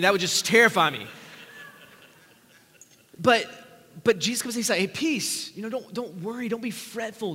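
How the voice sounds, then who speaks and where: A man preaching a sermon as a pastor, animated, with humorous asides and repeated words. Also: high-pitched, big-room sound.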